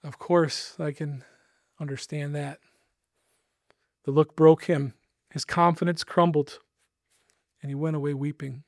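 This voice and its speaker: A man's voice: on the high side, level tone, unhurried, long pauses, no room sound, clean studio sound. A man preaching a sermon, earnest and emphatic, with casual asides to his listeners.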